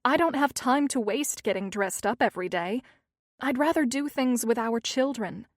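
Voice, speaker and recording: A woman's voice: on the high side, normal speed, no room sound, clean studio sound, close to an everyday voice. A woman voicing a firm, weary young mother. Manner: firm, defensive.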